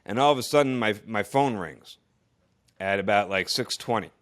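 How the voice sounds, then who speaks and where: A man in casual podcast chat, telling a long story with halting restarts and frequent laughter, acting out the other people he quotes. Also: lowish voice. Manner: animated storyteller who acts out quotes, laughs often; halting, with many restarts and fillers. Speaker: podcast co-host, former astronaut.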